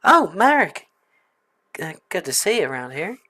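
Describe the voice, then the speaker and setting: A woman's voice: on the low side, big pitch swings, normal speed, pushed and bright, heavily acted. A woman voicing a flirty southern belle innkeeper with a put-on Southern drawl, sweet and calling people darling.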